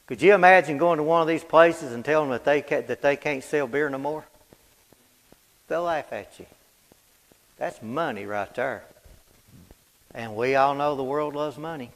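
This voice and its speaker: A high-voiced preacher gives a Bible study sermon in a folksy, plain style at normal speed with long pauses, echoing through a church hall. He hammers points through repetition, shifting from loud declarations to soft asides.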